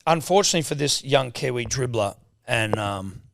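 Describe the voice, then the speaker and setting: A man's voice: medium pitch, expressive, normal speed, creaky, a bit bright, no echo, studio quality. A man co-hosting a sports podcast, joking and sweary. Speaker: podcast co-host. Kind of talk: casual chat.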